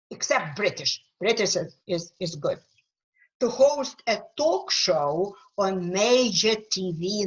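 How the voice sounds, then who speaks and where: Woman, Ukrainian accent, slow earnest speech, emphatic, many fillers, muffled lo-fi video call audio. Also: mid-range voice. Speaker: guest speaker, author. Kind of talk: webinar talk answering questions.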